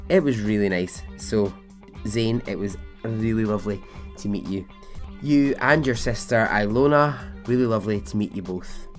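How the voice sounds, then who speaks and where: A man hosts his storytelling podcast in an easygoing, conversational way, laughing readily at his own asides. He takes his time over the words, and soft music sits quietly behind his voice. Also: medium pitch. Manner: chatty, laughs easily, warmly informal asides. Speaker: podcast host. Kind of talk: casual podcast narration.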